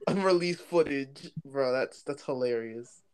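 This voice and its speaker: Brief: young male co-host, fairly high, very expressive pitch, deadpan humor. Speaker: podcast co-host. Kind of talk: casual podcast banter.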